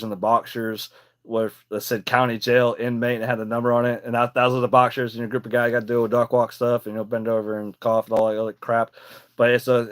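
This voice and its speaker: Young male podcast host, mid-pitch, rambling and emphatic, swears casually. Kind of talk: casual personal storytelling.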